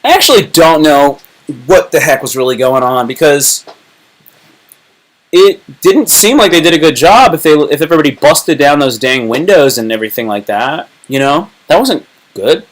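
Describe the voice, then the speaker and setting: A man's voice: on the high side, expressive, normal speed, low-quality recording. A man hosting a casual livestream, rambling and joking in heavy slang. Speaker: livestream host.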